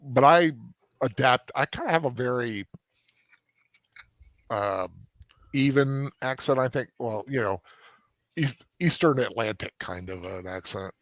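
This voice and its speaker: A man's voice: mid-range voice, expressive, unhurried, pauses often, fairly bright tone, no echo. A man from Southern Maryland with a mild local accent, chatting casually as host of a film commentary, rambling and restarting his sentences. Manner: rambling, stops and restarts, laughs at himself.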